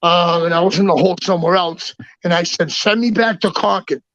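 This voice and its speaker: A man telling rough personal stories in a loud, profane, emphatic way, often restarting his sentences. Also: sits high, steady tone, fairly quick, dry recording. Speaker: guest. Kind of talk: casual storytelling. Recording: dull, dry lo-fi sound.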